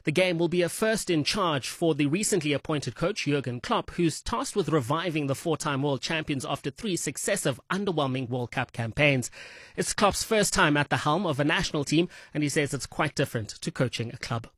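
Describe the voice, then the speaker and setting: A man reading a scripted sports news bulletin in a steady, measured way. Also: fairly high pitch, breathy edge, dry recording, studio quality. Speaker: sports newsreader.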